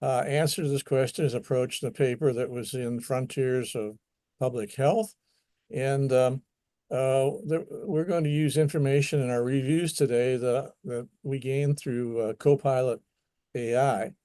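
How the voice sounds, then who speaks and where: An American man from Kentucky hosting a casual talk show, hesitant and filling pauses with "uh" and "um". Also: mid-range voice, fairly even intonation, warm tone, dry recording, studio quality. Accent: American English. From United States. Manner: hesitant, lots of uh and um fillers. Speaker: host. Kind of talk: casual chat.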